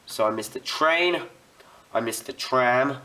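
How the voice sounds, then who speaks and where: Young man, Australian accent, slow pace, mid pitch, chatty, rambling hobby tutorial. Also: background noise. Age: student. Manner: rambling, chatty, talks while working. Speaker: model railway hobbyist.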